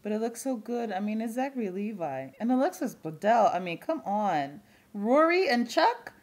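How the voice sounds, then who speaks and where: A young woman vlogging in casual chat, talking quickly with lots of fillers and frequent laughs. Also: mid-range voice, expressive, warm tone.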